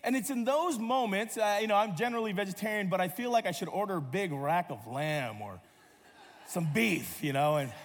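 A man's voice: sits high, lively intonation, brisk, long reverb tail, slight background noise. A man pastor giving a sermon, telling stories with playful humor and acting out quotes. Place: church sanctuary.

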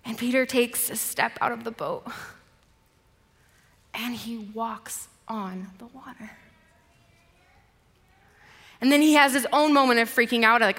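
A woman preacher giving a sermon, retelling a story dramatically, moving between vivid passages and hushed ones. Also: a little high, moderate pace, long reverb tail.

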